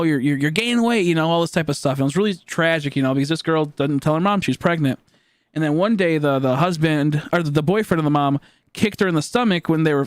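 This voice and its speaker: Male streamer, high voice, dry close mic, rambling casual storytelling with excited jumps in pitch. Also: dry recording. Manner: rambling, animated, voice jumps high in retold dialogue.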